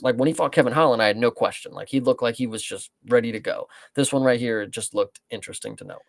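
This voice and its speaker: A man's voice: mid-range voice, fast, creaky, few pauses, no room sound. A man co-hosting a casual sports talk show, rambling and swearing freely as he breaks down the fights. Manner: profane, rambling, animated. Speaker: podcast co-host.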